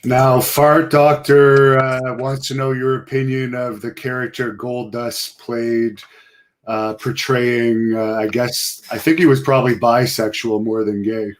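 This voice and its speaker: Male host, level monotone delivery, reading audience questions casually. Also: mid-range voice, unhurried. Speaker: show host.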